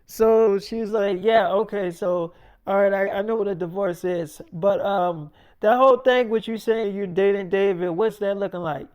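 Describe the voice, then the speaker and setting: A woman's voice: medium pitch, normal speed, darkish tone, clean tone. A woman casually improvising a story, rambling and swearing as she acts out both sides of a heated argument.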